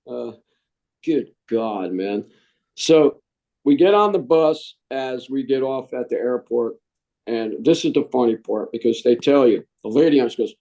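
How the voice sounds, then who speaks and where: A middle-aged man, a Marine veteran, telling stories in a casual interview, animated and jokey and saying "man" a lot. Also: medium pitch, measured pace, poor audio.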